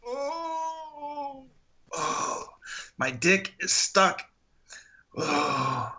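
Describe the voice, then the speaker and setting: A man's voice: high-pitched, huge pitch swings, extremely slow, pushed and bright, full character voice. A man playing a frantic male caller on an emergency line, yelping and cursing in agony. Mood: pained, frantic.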